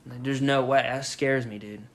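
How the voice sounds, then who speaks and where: A young man co-hosting a podcast, telling a story casually and with lots of swearing, shouting out the lines he quotes. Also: mid-range voice, moderate pace. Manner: profane, animated retelling with loud shouted quotes. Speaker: podcast co-host.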